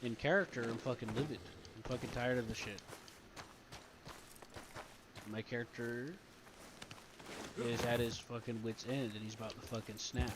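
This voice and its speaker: A man's voice: mid-range voice, fairly even intonation, brisk. A man role-playing his character, ranting and swearing heavily about being wronged. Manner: ranting, heavy swearing, aggrieved. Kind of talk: in-character role-play chat. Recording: loud background noise.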